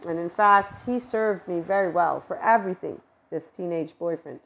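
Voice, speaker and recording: Animated woman musing on spirituality, low-pitched. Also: normal speed, vocal fry, few pauses. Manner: animated, exclaiming, swearing casually. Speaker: spiritual channel host. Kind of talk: casual spiritual monologue.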